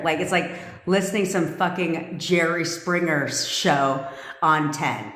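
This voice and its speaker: A woman's voice: low voice, measured pace, a bit bright, roomy sound. A woman manifestation coach talking bluntly and profanely on a casual livestream rant, often laughing.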